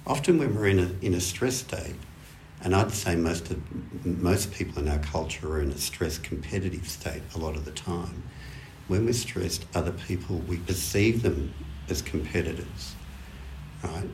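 A man giving a relaxed Zen dharma talk, thinking aloud in lists and often checking in with the listeners. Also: low voice, normal speed, a little hiss or hum. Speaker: Zen teacher.

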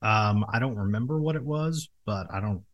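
A man co-hosting a podcast in casual chat, relaxed and easily amused. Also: fairly low pitch, moderate pace, lo-fi sound. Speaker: podcast co-host.

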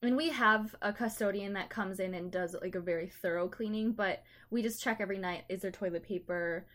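A young woman chatting casually as a podcast co-host, telling lively stories and acting out the people in them. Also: medium pitch, a little fast. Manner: animated storyteller, acts out customers in quotes. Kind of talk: casual chat.

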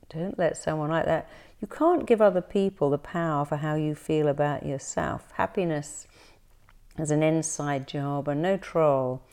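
A woman's voice: deep voice, clean tone. A woman therapist chatting in an interview, telling stories animatedly and acting out what people said. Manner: animated storytelling, acts out quoted voices. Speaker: therapist guest. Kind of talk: casual interview chat.

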